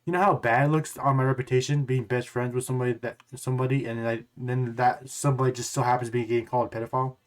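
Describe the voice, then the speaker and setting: A man tells a long story straight to camera in a loose, rambling way. He keeps doubling back on his words and curses offhandedly. His voice sits at an ordinary middle pitch. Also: little pitch movement, fast, hardly any pauses. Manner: rambling, repeats words and restarts; blunt, swears casually. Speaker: gaming YouTuber.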